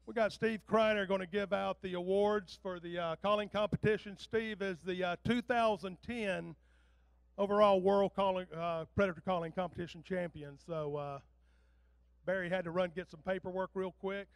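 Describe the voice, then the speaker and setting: A man emcees an awards ceremony over a handheld mic, his high voice sounding clear and dry. He calls out names in a plain, conversational way. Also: steady tone, moderate pace, no room sound. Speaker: event emcee.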